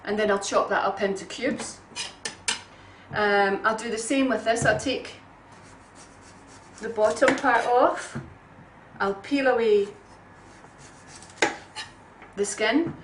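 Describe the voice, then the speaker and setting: A woman's voice: a little high, slow pace, pauses often, background noise. Chatty woman cooking at home. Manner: chatty, homely, many ums. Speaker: home cook. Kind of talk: casual cooking demonstration. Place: home kitchen. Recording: roomy kitchen sound from a distant mic.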